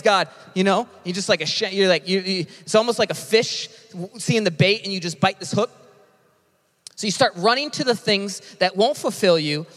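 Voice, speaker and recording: A man preaching a sermon as a pastor, animated and conversational, with quick asides. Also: sits high, long reverb tail.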